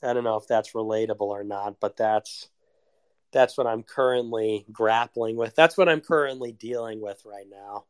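A man's voice: lowish voice, moderate pace, clean tone, no room sound, studio quality. A young man in a casual confessional monologue, rambling and self-deprecating, with frequent swearing. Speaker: vlogger.

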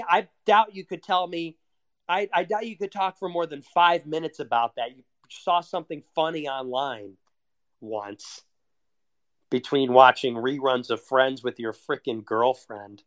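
A man's voice: medium pitch, unhurried. A man delivering a heated, sarcastic, profane rant as a solo monologue. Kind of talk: ranting monologue.

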